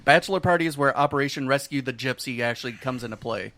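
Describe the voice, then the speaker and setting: A man co-hosting a podcast, adding wry, deadpan remarks in casual chat. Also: mid-range voice, quick pace, dry recording. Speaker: podcast co-host.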